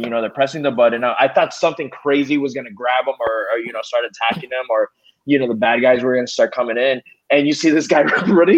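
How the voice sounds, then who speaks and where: A man's voice: medium pitch, fairly quick. A man co-hosting a podcast, animatedly retelling a favorite scene and swearing freely. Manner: animated storytelling, swears freely, acts out quotes. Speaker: podcast co-host. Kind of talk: casual movie chat. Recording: dull lo-fi sound.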